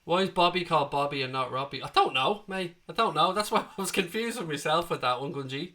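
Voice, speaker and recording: An Irish man in his thirties hosts a live football watchalong, animated and talking fast in a fairly high, bright, forceful voice. He chats casually like a mate, answering viewers' questions one by one, though he's recovering from being sick.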